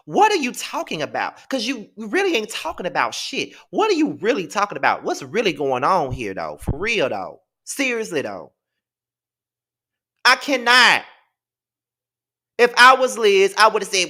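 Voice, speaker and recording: A man's voice: high-pitched, very animated, normal speed, bright, forceful tone. A man hosting a live TV episode review, talking emphatically and repeating himself in exasperation. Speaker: host.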